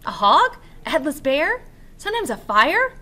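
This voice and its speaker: A woman's voice: high-pitched, big pitch swings, moderate pace, bright, forceful tone, voice pushed up, exaggerated voice. A woman reading the lines of a mischievous male fairy sprite in a teasing, rhythmic recitation.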